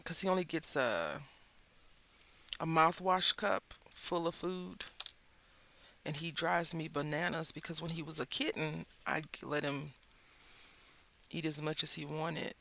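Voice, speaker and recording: Gravelly Southern woman chatting while crafting. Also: sits low, fairly even intonation, unhurried, long pauses, pushed and bright. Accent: Southern American. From Southern United States. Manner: chatty, rambling storyteller. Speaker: craft channel host. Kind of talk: casual chat while crafting. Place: indoors at a craft table.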